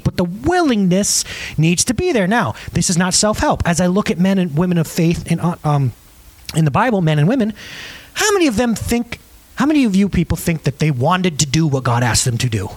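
A middle-aged man preaching a sermon, animated and joking, with big swings between high and low. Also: fairly quick, no echo. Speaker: pastor.

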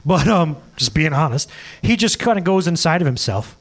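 Male pastor in his thirties, high voice with big swings, animated and jokey sermon delivery. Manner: animated, jokey storytelling with laughs and quick asides.

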